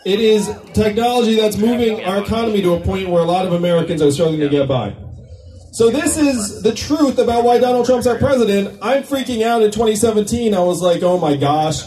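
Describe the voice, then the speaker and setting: A man's voice: high voice, lively intonation, fairly quick, warm tone, reverberant. Man giving a joking campaign rally speech. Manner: conversational and joking with the crowd. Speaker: presidential candidate at a rally. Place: political rally venue. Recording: distant mic at a rally.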